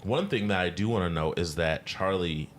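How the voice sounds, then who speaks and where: Deep-voiced man chatting on a podcast. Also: moderate pace, a little hiss or hum. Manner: animated, laughs often, mimics rapper voices. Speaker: podcast co-host. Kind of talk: casual chat.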